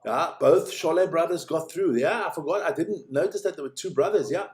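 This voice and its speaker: A fairly high-voiced man hosts a live watch-along stream, calling snowboard races in a loose, jokey way. He chats casually between heats and gets excitable once a race is under way. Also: brisk. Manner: chatty, joking, excitable during races.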